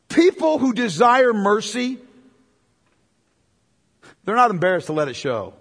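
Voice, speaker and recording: A male pastor preaching a sermon with passion, going from loud cries to hushed tones. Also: high voice, lively intonation, normal speed, pauses often, slightly rough. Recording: long reverb of a large hall.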